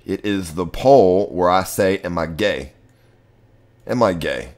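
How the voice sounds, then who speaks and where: A young man live-streaming in casual, profane chat, talking to himself excitably. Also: deep voice, slow pace.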